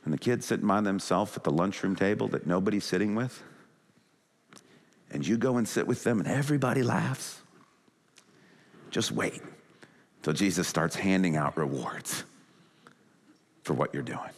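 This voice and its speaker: A male pastor preaching a sermon with animated delivery, acting out quoted thoughts in a rising and falling voice. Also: deep voice, normal speed, pauses often, big-room sound. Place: church sanctuary.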